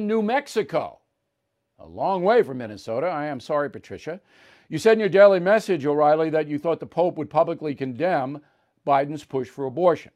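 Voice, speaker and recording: Man, talk show host, opinionated, blunt, slightly higher voice, reading mail. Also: darkish tone. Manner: blunt, opinionated, brisk retorts. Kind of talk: commentary and reading listener mail.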